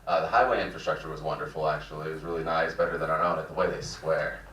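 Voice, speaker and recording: A man's voice: a bass voice, steady tone, fast, pushed and bright. A man in his twenties doing a rambling, self-deprecating stand-up set in a small cafe room. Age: 20s. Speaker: stand-up comedian. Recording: roomy, distant mic.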